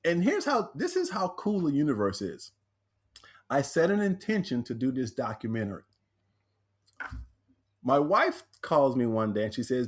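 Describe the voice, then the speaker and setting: A man, a speaker and author, telling personal stories in a podcast interview, animated and acting out the voices he quotes. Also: medium pitch, moderate pace, long pauses, husky.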